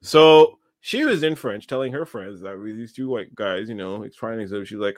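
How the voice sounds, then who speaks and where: Lively, laughing man telling stories. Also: lowish voice, normal speed, hardly any pauses, no room sound. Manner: animated, laughing storyteller acting out quotes. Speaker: podcast host. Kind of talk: casual storytelling chat.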